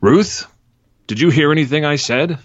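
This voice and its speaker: A man's voice: medium pitch, very animated, normal speed, a bit bright, dry recording, highs cut off, pitched above the performer's own voice. A man reading aloud and voicing a boastful, pushy middle-aged father in a storybook excerpt. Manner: pushy, complaining.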